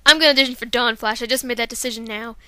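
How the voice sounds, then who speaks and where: Chatty young woman, bright high voice. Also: fairly even intonation, very fast, clear, resonant tone, no room sound. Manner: rambling, self-deprecating. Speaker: amateur voice actor. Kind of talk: casual vlog chat.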